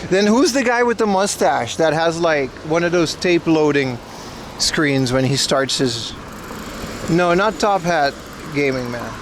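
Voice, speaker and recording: A man's voice: on the high side, expressive, unhurried, noisy background. A man chatting casually with his livestream viewers outdoors, rambling and joking playfully as he browses plants. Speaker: IRL livestreamer. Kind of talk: casual live-stream chat with viewers.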